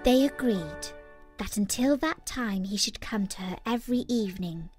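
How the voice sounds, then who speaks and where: A woman narrating a classic fairy tale for children in a slow, expressive storytelling manner. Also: medium pitch, faint music behind.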